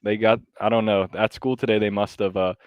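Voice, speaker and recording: Male podcast co-host, animated storyteller, casual and profane, dry close mic. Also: lowish voice, fairly quick, smooth, dry recording, lo-fi sound. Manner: animated storytelling, acts out quotes, swears freely. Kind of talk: casual chat.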